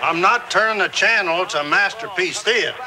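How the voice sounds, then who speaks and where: A man's voice: high-pitched, moderate pace, a crowd in the background, close to an everyday voice. An older actor playing a wisecracking grandfather in a 1980s sitcom, bantering and bargaining with sly humor. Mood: teasing. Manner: bantering, crafty deal-making. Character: wisecracking old grandfather, baseball fan. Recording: noisy old VHS TV broadcast.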